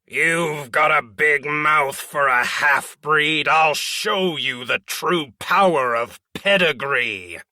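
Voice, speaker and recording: A man voicing an arrogant, regal, lion-like beastman noble who talks in a slow, booming sneer. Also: sharp tone, no echo, clean studio sound, full character voice.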